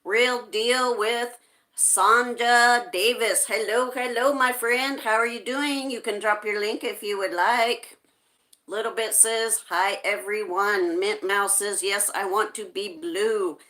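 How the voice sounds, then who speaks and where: A woman's voice: mid-range voice, fairly even intonation, slow, pushed and bright. A woman hosting a casual live stream, greeting viewers by name and reading their chat messages aloud.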